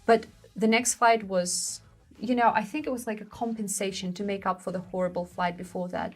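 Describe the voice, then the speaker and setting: Young woman hosting, chatty and animated, tells stories with lots of exclaiming. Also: medium pitch, fairly quick. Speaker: co-host of a language-learning show. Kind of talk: casual conversational storytelling.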